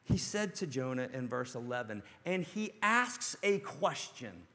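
A man preaching a sermon, dramatic and storytelling, dropping to a hush and then rising to shouts. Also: mid-range voice, big pitch swings, measured pace. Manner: dramatic, swings from hushed to shouting. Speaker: pastor. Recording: long hall reverb.

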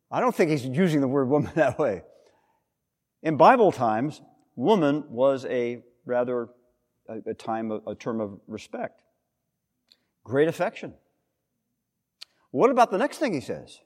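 Male preacher, animated and slightly high-voiced, teaching with rhetorical questions, recorded with long hall reverb. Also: a little slow, pauses often, slightly rough. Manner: expressive, explanatory, rhetorical questions. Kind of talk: sermon.

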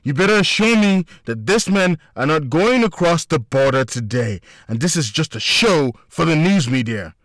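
Guy doing a screechy hoarse angry official, yelling way high and loud, dry sound. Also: huge pitch swings, moderate pace, dry recording, heavily acted. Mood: furious. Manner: screaming, shrill and frantic. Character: furious blustering male city official.

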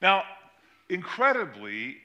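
Bright-voiced older pastor preaching. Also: male voice, wildly swooping pitch, slow. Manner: storytelling, acts out quoted voices with rising pitch. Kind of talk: sermon.

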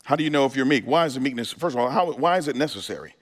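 A pastor races through his sermon in an expressive mid-range voice, peppering his congregation with questions and asking whether they're ready. The sanctuary's hall reverb colors the recording.

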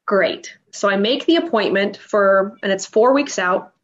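A woman in her thirties telling a personal story as a podcast guest, emotional and animated, acting out the dialogue. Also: mid-range voice, a little slow, lo-fi sound.

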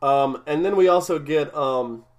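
Man, casual podcast recap, rambling, restarts, laughs often, slightly high voice. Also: measured pace, a little mellow. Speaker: podcast co-host. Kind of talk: casual episode recap chat.

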